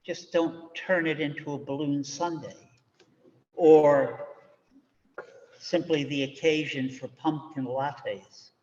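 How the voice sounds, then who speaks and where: A male minister giving a measured, reflective sermon from the pulpit. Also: on the high side, fairly even intonation, darkish tone. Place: church sanctuary. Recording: dull recording with long church reverb.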